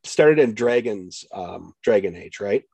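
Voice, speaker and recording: A man with an American Midwest accent hosts a podcast interview in a casual chat, talking haltingly with many fillers and restarts. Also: on the low side, animated, vocal fry, warm tone, husky, no room sound. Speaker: podcast host.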